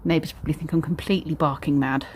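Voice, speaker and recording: A woman's voice: deep voice, fairly even intonation, quick pace, a little mellow, slightly rough. A woman vlogging, chatting casually and cooing sing-song baby talk to little ones. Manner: sing-song, coos and plays with babies. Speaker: vlogger and mother. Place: back garden, outdoors. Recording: noisy home video.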